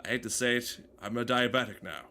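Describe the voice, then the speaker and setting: A man's voice: medium pitch, brisk, pushed and bright, a little hiss or hum. Sweary joking man playing a game. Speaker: gaming streamer. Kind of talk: casual let's play commentary.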